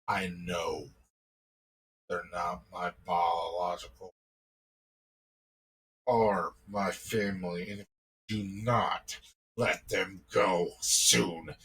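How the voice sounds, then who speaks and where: A guttural, furious young werewolf snarls out threats, put on by a man. The voice sits low and drags slowly, with a husky rasp. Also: fairly even intonation, full character voice, rough recording. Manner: threatening, shouted warnings.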